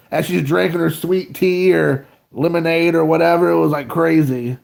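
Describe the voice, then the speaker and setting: Man, 30s, creaky gravelly voice, slightly high pitch, casual podcast chat, rambling storyteller. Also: normal speed, hardly any pauses, darkish tone. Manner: rambling, self-mocking, restarts a lot.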